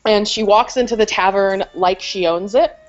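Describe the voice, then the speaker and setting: A woman playing a tabletop game, chatting in a giggly way with many hesitations and fillers. Her voice sits at an average pitch for a woman. The recording is slightly muffled. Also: moderate pace, faint music behind. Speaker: player. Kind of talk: casual tabletop game play.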